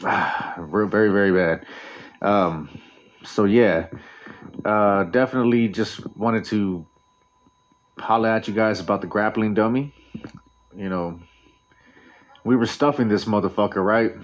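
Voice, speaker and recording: A man's voice: fairly low pitch, unhurried, pauses often, a little hiss or hum. A man hosting a show in a casual, rambling monologue, swearing constantly and restarting his sentences. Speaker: radio show host. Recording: dull lo-fi recording.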